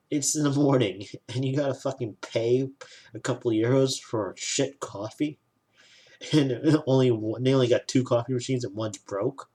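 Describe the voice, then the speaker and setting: A man's voice: mid-range voice, darkish tone, slightly rough. A man giving a casual, sarcastic spoken review of a trip, griping and swearing, with frequent sighs.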